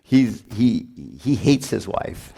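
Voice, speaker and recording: A man's voice: low voice, normal speed, warm tone. A man, a priest, giving a conversational talk at a marriage retreat, often adding "right?" and laughing as he speaks. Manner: chatty, often adds "right?", laughs while talking.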